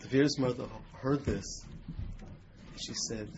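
A man's voice: mid-range voice, normal speed, creaky. A man giving a talk to a live audience, telling an emotional story and asking the room questions. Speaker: lecturer. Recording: lo-fi room recording with loud hiss.

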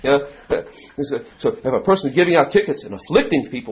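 A man's voice: mid-range voice, animated, quick pace, few pauses. A middle-aged man gives a storytelling talk to his community. He acts out anecdotes and leans on "you know" fillers. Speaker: community speaker. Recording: dull lo-fi recording.

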